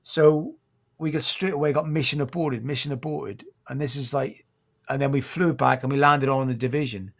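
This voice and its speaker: British man, 50s, ex-Royal Marine guest, halting, sombre, occasionally choked up. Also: medium pitch, a bit bright. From Britain. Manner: halting, restarts often, sombre recounting. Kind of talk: podcast interview storytelling.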